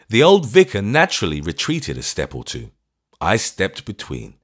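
A man narrating a classic thriller audiobook in a measured storytelling voice. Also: on the low side, wildly swooping pitch. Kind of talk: scripted narration.

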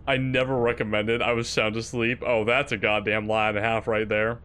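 A man streaming a game with friends, talking casually and excitably, swearing and laughing often. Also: lowish voice, fairly quick, clean tone. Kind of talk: casual gaming stream commentary.

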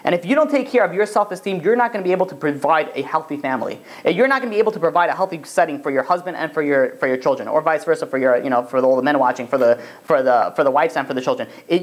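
This rabbi's fairly high-pitched voice carries an animated Torah lesson. Quoted voices get acted out, and his sentences often restart.

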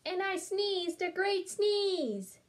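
A woman reading a storybook aloud as a smooth-talking male wolf, chatty and wry in tone. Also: very high-pitched, animated, slow pace, voice pushed up, exaggerated voice. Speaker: storybook reader. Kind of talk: children's read-aloud.

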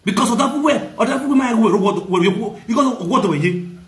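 Loud high-voiced Nigerian man ranting. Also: lively intonation, brisk, reverberant. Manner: loud, mocking, bursts into shouts and laughter. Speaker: gossip vlogger. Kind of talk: ranting gossip commentary.

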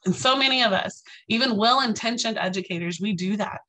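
A woman giving an inspirational lecture, telling lively stories and acting out the voices of people she quotes, with lots of "you know" and "right". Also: mid-range voice, a little fast, low-quality recording. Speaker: speaker.

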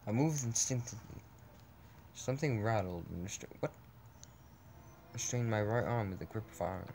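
A man's voice: lowish voice, lively intonation, moderate pace, darkish tone, a little hiss or hum. A man reading a text adventure game aloud as a let's play, often stumbling over words and breaking off with puzzled asides.

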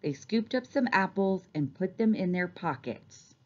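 A woman teacher reads a storybook aloud, slowly and gently, with expressive phrasing. The recording is a little dull and muffled. Her pace is unhurried. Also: fairly low pitch.

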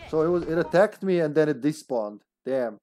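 Excitable man commentating live gameplay. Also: on the high side, moderate pace. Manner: excitable, playful, bursts into shouts. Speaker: game streamer.

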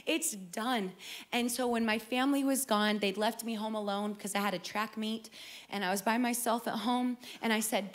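A middle-aged woman giving an earnest, emotional personal testimony as a worship singer. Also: fairly high pitch. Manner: earnest storytelling, emotional, with repeated phrases.

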